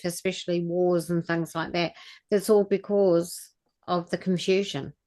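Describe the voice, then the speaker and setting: A middle-aged woman, giving an earnest, rambling spiritual talk and guided activation as a channeller. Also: lowish voice. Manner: earnest, rambling, restarts mid-thought.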